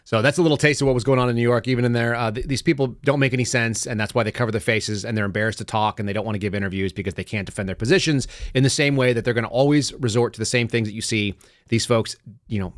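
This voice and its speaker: A man's voice: medium pitch, fairly even intonation, very fast, dry recording, clean studio sound. A man hosting a live commentary show in a loose, chatty way, often laughing and restarting his sentences. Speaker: podcast host. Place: home studio set.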